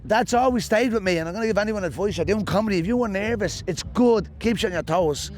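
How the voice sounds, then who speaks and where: Speaking in a slightly high voice with a Dublin accent, this Irishman tells lively, jokey stories in a rambling way. It sounds like a stand-up comic being interviewed, relaxed and fast to land the punchlines.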